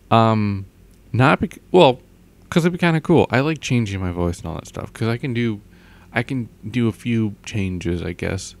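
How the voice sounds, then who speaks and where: Rambling young man with a lowish voice. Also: expressive, gravelly. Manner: rambling, halting, many restarts. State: tired, overworked throat. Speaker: vlogger. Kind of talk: casual vlog monologue. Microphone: microphone with pop filter.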